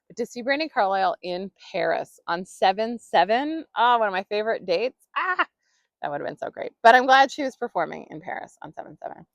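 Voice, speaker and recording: Gravelly chatty woman podcaster. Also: mid-range voice, big pitch swings, brisk, no room sound. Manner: chatty, rambling, many fillers and laughs. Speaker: podcast host. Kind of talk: casual solo podcast monologue.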